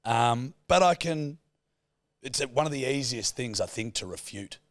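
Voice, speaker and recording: A man's voice: medium pitch, lively intonation, moderate pace, a bit bright, no echo. An Australian man co-hosting a podcast, chatting casually, blunt and jokey, swearing freely. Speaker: podcast co-host. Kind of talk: casual chat.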